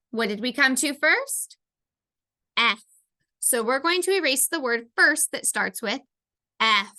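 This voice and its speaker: A woman teaching children to read, breaking each word into its sounds in a slow, patient rhythm. Her voice is fairly high and bright, and she takes her time over every sound. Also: animated. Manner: slow, sounding out words letter by letter. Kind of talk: phonics lesson for children.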